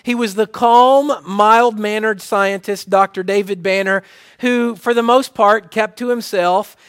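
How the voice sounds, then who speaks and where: A middle-aged pastor delivers a sermon in a fairly high voice, hammering home his points through repetition. The sound is dry and close, with no room echo. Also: fairly even intonation, unhurried, fairly bright tone, smooth. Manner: repetitive preaching cadence, restarts.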